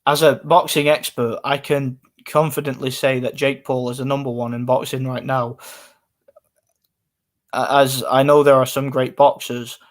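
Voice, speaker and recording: A man, casually chatting on a live stream and answering comments in a rambling way. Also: medium pitch. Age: 20s.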